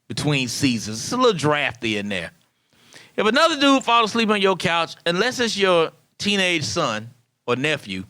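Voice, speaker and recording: Man, 30s, comedic podcast monologue, bright tone, dry close sound. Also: a little high, no echo. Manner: animated, acts out quoted dialogue. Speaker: podcast host.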